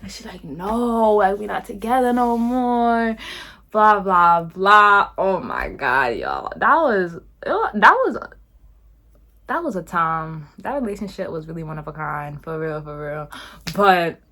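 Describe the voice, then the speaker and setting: A young woman telling a storytime on her vlog, casual, profane and animated, full of filler words. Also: fairly low pitch, a little slow. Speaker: vlogger.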